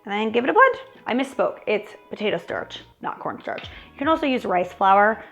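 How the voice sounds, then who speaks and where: A woman's voice: medium pitch, lively intonation, brisk, vocal fry, a bit bright, muffled recording, faint music behind. A woman hosting a cooking show in her home kitchen, chatty and wry as she talks through each step. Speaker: cooking channel host. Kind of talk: casual cooking demonstration.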